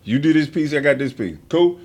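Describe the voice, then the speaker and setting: A man's voice: fairly high pitch, expressive, brisk, darkish tone. A man, hosting a podcast and telling stories in a blunt, profane way. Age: 50s. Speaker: podcast host. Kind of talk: casual podcast chat.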